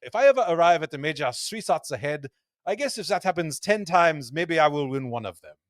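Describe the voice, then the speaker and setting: A man's voice: fairly high pitch, lively intonation, fairly quick, no echo, studio quality, pitched above the performer's own voice, close to an everyday voice. A man voicing a cheerful French male golfer in a playful, put-on French accent, reading quotes with a hamming, raised voice. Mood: wry.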